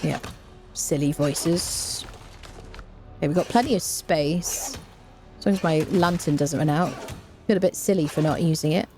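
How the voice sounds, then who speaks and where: A woman's voice: low-pitched, moderate pace, pauses often, dark tone, soft background music. A woman giving rambling, casual commentary while streaming a game, full of fillers and restarts.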